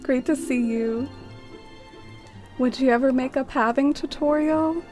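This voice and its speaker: A woman's voice: high voice, unhurried, a little mellow, soft background music. A woman streaming a game, chatting casually, greeting viewers by name and using lots of "like". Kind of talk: casual live-stream chat.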